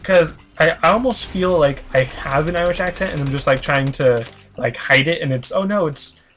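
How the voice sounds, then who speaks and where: A man's voice: fairly high pitch, moderate pace, fairly bright tone, soft background music. A man chatting through a video game as a let's play host, rambling and self-conscious, laughing easily. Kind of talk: casual gameplay commentary.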